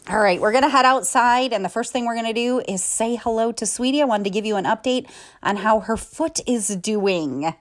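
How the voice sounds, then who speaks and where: A woman's voice: a little high, brisk. A woman chatting casually to the camera as a lifestyle vlogger, upbeat and talkative.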